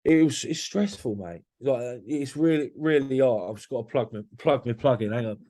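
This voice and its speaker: A man's voice: medium pitch, moderate pace, warm tone. A man talking candidly as a podcast guest, blunt and swearing freely, often restarting his sentences.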